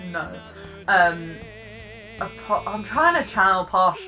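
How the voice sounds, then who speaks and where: A British woman chats through a casual reaction video, laughing often and poking fun at herself. Her voice is bright and forward, and there is soft music faintly underneath. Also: mid-range voice, expressive, slow pace, pauses often. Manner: chatty, self-deprecating, laughs often. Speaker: vlogger reacting to clips.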